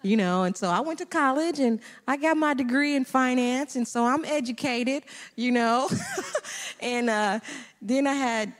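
A middle-aged woman, a guest on a church panel, shares her personal testimony and laughs often along the way. She has a high voice and speaks at a moderate pace, with a long reverb tail in the room.

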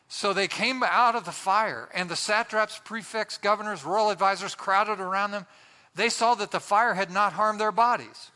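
A male pastor preaching a sermon with impassioned, dramatic pauses. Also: high-pitched, pushed and bright. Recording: long hall reverb.

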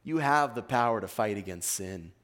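A man's voice: on the low side, expressive, moderate pace, a bit bright. A man with an East Coast American accent preaching a sermon, reading scripture and pressing his points earnestly. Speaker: pastor. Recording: long hall reverb.

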